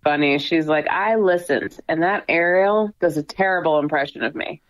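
Female podcast co-host, deadpan and brief, muffled lo-fi sound. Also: sits low, normal speed, no room sound. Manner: dry, brief replies. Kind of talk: casual podcast chat.

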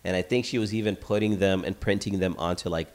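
A young man with a fairly low voice, talking casually and bluntly. He tells stories in a forward, jokey way. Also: steady tone, fast, a little mellow. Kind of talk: casual chat.

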